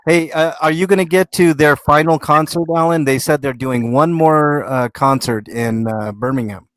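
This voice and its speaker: A man's voice: fairly high pitch, moderate pace, a bit bright, no echo. A man with an American accent hosting a casual talk show, laid-back, laughing often and reading out viewer comments. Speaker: podcast host.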